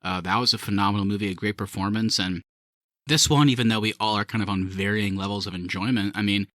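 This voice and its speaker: A man hosting a casual movie review podcast, animated and quick to laugh as he steers the talk. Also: lowish voice, no room sound, studio quality. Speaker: podcast host.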